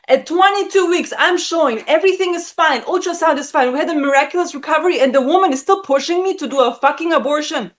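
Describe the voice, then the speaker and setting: Woman in her 30s, fairly high voice, swears a lot, tells it loud and animated, does everyone's voices. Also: fast, few pauses. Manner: animated, blunt storytelling with frequent swearing; acts out quoted voices with big pitch jumps. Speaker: guest. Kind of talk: casual chat.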